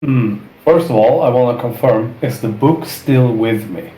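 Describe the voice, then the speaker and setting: A man playing a tabletop game, speaking slowly and deliberately. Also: mid-range voice, warm tone. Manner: slow, deliberate. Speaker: player. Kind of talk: tabletop role-play. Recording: echoey room, faint noise.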